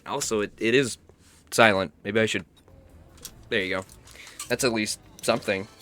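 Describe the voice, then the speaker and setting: Hoarse sick young man streaming. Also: fairly low pitch, moderate pace, sharp tone, soft background music. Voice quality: rough, cracking voice. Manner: rambling, self-mocking, swears often. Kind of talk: casual gaming stream chat.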